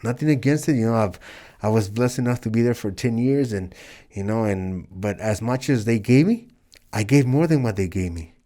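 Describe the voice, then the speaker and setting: A man in his forties with a lowish voice, from El Paso and Juárez, speaks earnestly as a guest in an interview. He tells stories in a casual way and does the voices of the people in them. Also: animated, normal speed, mellow. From El Paso, Texas and Juárez, Mexico. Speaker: professional wrestler guest.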